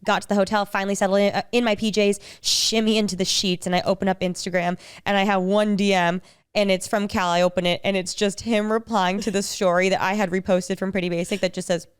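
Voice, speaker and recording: Woman, podcast co-host, casual storyteller, smooth tone, dry studio sound. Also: mid-range voice, little pitch movement, fast, no room sound. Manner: chatty storytelling with many fillers. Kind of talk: casual chat.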